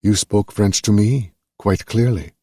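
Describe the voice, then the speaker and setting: A man voicing a young enemy interrogating officer who speaks clipped and restrained, in a raised register above his own very deep voice. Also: a little slow, dark tone, dry recording, studio quality. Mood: probing.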